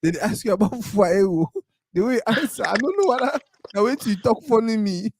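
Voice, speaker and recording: A man hosting an interview, relaxed and laughing as he asks questions. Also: high-pitched, a little fast, slight background noise. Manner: relaxed, laughing, backchannels a lot. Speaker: interviewer host. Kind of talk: casual interview chat.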